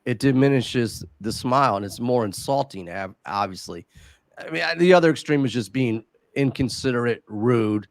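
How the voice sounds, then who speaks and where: A man's voice: medium pitch, moderate pace, no echo. A man co-hosting a casual podcast conversation, talking in an easygoing way and often repeating words as he thinks aloud. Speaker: podcast co-host.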